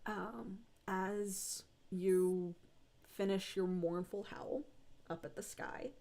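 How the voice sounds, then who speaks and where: A woman narrating a tabletop game as game master, descriptive and unhurried with frequent fillers. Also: mid-range voice, fairly even intonation, warm tone.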